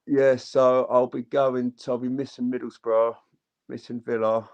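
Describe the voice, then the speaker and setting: A man's voice: mid-range voice, level tone, measured pace, a little mellow, muffled recording. A young man, chatting casually about football on a panel. He rambles, swears a lot and drops plenty of slang.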